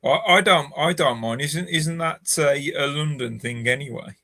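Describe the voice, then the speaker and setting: Bright-voiced man who stammers. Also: fairly high pitch, normal speed. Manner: hesitant, stammers and repeats words. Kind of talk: casual chat.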